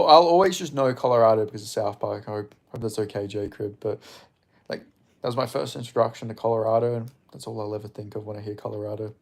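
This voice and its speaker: A man's voice: medium pitch, vocal fry, darkish tone. A young Australian man from Western Australia chatting casually on a livestream about MMA, reading chat and rambling with plenty of swearing and filler words. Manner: rambling and profane, with frequent fillers and chuckles.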